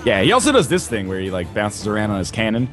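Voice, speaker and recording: A man's voice: on the low side, wildly swooping pitch, fast. A man giving casual gaming commentary while playing with a friend, rambling and joking with lots of filler words. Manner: rambling, jokey, heavy on "like" fillers. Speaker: let's play co-host. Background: game music.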